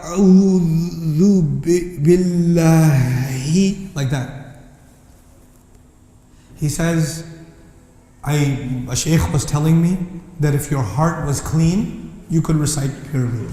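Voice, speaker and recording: Guy preaching hard, fired up, mellow voice a bit on the high side, big echoey hall. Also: takes it slowly, pauses often. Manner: impassioned, rising to indignant questions, quoting Arabic verses. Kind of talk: passionate sermon. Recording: echoey hall with long reverb.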